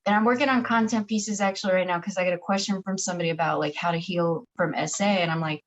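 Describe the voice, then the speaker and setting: A woman's voice: fairly low pitch, steady tone, fast talker. A woman who teaches shadow work, speaking as a podcast guest over a video call. She talks in a reflective, earnest way and uses a lot of "like". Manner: reflective, earnest, many filler "like"s. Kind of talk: casual interview chat. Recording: dull lo-fi video call audio.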